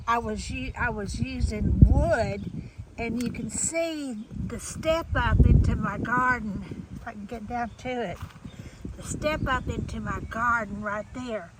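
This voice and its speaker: A woman's voice: a little high, slow pace, heavy background noise. A woman giving a rambling, chatty walk-through of her garden outdoors, restarting her sentences often. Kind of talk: casual walk-through tour.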